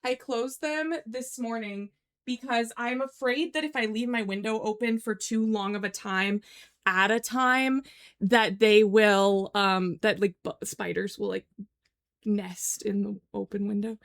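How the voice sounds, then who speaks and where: In a relaxed live stream from a room in her home, a young woman chats and wanders from topic to topic, using "like" constantly. She speaks at a measured pace in a mid-range voice.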